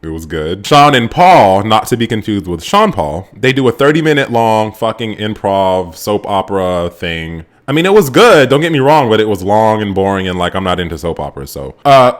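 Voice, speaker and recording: A man casually recapping a reality show episode, sarcastic and animated, swearing freely as his voice jumps up with excitement. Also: fairly low pitch. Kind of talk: casual profane recap commentary.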